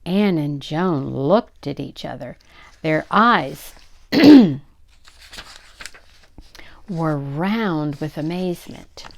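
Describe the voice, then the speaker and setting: An older woman reading a children's story aloud, expressive and giving the characters their own voices. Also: deep voice, very slow, creaky, pauses often.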